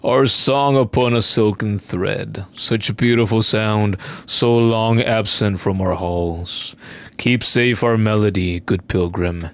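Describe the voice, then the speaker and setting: A man's voice: lowish voice, fairly even intonation, no echo, voice pushed down. A man doing a frail old bug conductor. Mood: solemn. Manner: slow, formal, mournful delivery. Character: sickly aged bug conductor, bedridden, solemn. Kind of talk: reading game dialogue aloud.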